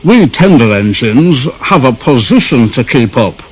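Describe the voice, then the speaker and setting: A haughty, condescending big engine from a storybook, as a man puts him on. His speech swoops up and down with lively pitch, and he lectures grandly about his own importance. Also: measured pace, slightly rough, low-quality recording. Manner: pompous, condescending. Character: pompous big male express engine, self-important.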